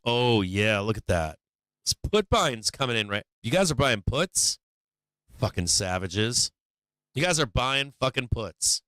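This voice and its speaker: A man's voice: medium pitch, very animated, unhurried, pushed and bright, clean tone, no echo, studio quality. A man hosting a casual live stream, swearing a lot, taunting and gleeful, sometimes breaking into a sing-song carnival barker call.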